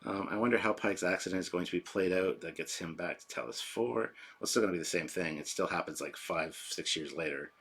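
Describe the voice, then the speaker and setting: Deep, husky-voiced livestream host. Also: male voice, fast, hardly any pauses, fairly bright tone. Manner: rambling, chatty, self-deprecating. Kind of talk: casual reaction livestream, reading chat. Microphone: sensitive desk microphone.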